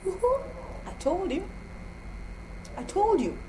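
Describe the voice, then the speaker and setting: An actress with a Nigerian accent playing a scheming, jealous young woman who taunts and shouts insults. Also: very high-pitched, sing-song, slow, a little hiss or hum, heavily acted, poor audio. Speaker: actor in a film drama.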